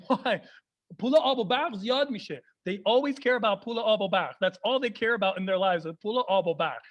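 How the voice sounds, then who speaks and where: Fast-talking high-voiced male comedian. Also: highs cut off. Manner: fast, animated storytelling mixing two languages. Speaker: stand-up comedian. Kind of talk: stand-up comedy over video call. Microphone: computer mic for a video call.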